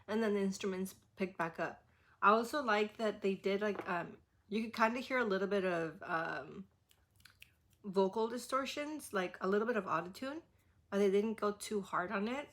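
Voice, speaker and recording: A woman reacting to a new album, speaking in loose, gushing casual chat. She peppers every phrase with "like" and trails off into restarts as she gets emotional. Her pitch sits in an ordinary middle range. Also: a bit bright. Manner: heavy use of "like". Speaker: music reaction host.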